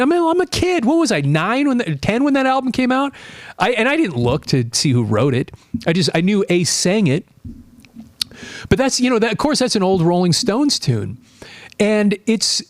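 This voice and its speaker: A high-voiced man in his late fifties hosts a casual live stream, reading out viewer comments in a rambling, animated manner. The sound is clean studio audio without any room sound.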